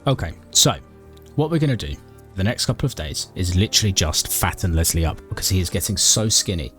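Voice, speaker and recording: A man's voice: deep voice, big pitch swings, a little fast, a bit bright, faint music behind. A man narrating a game playthrough in a dry, mock-dramatic comic style, often talking to his character. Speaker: gaming YouTuber narrating a playthrough. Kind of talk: comedic game commentary and narration.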